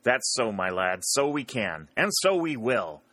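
A man's voice: medium pitch, big pitch swings, a little slow, a bit bright, no echo. A man voicing an emphatic middle-aged Union colonel in a storybook reading. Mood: resolute. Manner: emphatic, exclaiming.

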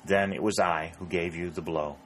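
A man's voice: low voice, steady tone, normal speed, slight background noise, natural voice. A man reading the lines of a candid young soldier in a storybook, frank and direct.

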